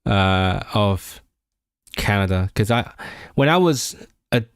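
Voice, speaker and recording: A man in his late twenties from Hong Kong, hosting a livestream and chatting casually and excitably with viewers, often restarting his sentences. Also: lowish voice, slow, smooth, dry recording, studio quality. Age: late 20s. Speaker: livestream host. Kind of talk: casual chat with stream viewers.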